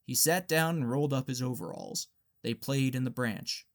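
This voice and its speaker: A man reading a novel aloud as an audiobook narrator, in a plain, even storytelling manner. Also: medium pitch, moderate pace. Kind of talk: scripted narration.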